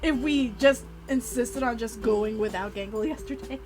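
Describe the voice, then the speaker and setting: A woman streamer reading a dating sim aloud and reacting to it in an animated way. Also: fairly high pitch, moderate pace, faint music behind.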